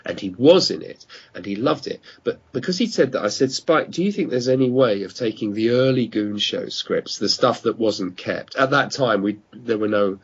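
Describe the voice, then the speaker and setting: Husky, low-voiced storyteller on a call. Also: male voice, moderate pace, hardly any pauses. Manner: rambling storyteller who restarts and corrects himself. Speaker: guest, radio producer. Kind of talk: casual chat, anecdotes. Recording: muffled online call audio.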